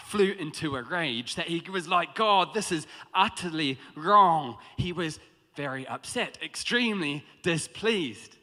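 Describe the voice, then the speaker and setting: Male preacher, fairly high and bright, conversational sermon, large reverberant church. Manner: lively, conversational preaching with stammered restarts. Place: church hall. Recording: long hall reverb.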